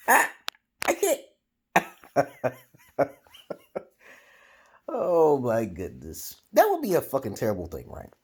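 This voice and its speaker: A man from Brooklyn delivering a comedic rambling monologue, profane and giggly, jumping into loud high squeals. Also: wildly swooping pitch, drawn-out words, pauses often, breathy edge. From Brooklyn, New York, USA. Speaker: vlogger.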